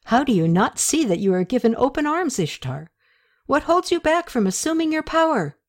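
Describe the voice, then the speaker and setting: A woman voicing a calm, wise male horse master and chariot commander who speaks in a measured, patient way. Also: high voice, pitched above the performer's own voice. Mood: probing.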